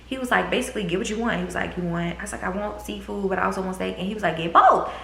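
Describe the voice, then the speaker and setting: A woman's voice: medium pitch, fairly even intonation, very fast, vocal fry. A young woman vlogger telling a candid, profane storytime, drawling and putting a raised voice on the others she quotes. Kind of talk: casual storytime. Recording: echoey room with faint noise.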